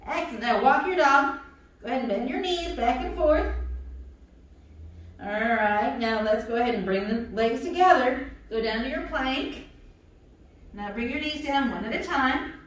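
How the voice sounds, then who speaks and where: A high-pitched woman leads a playful, encouraging kids' yoga class. Her voice rings through a very echoey room. She stands a little away from the mic. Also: animated, moderate pace, distant mic. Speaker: yoga instructor.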